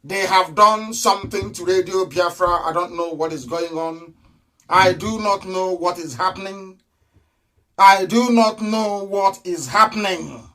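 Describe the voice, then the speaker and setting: A man with a Nigerian accent giving a live political broadcast, defiant and accusing, repeating his phrases and breaking into shouts. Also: high voice, a little slow. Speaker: broadcaster of a live online transmission. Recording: voice a bit distant from the mic.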